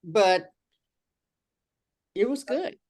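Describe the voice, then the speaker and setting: A woman's voice: medium pitch, lively intonation, very slow, a little mellow. A woman co-hosting a casual group chat, giving reassuring feedback in a rambling way with lots of fillers. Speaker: co-host.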